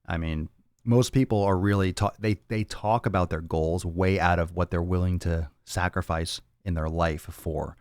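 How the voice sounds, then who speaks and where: Man, very deep voice, dry close sound, blunt and profane, rambling fitness host answering questions. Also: fairly even intonation, moderate pace, clear, resonant tone, no echo. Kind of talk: casual livestream Q&A.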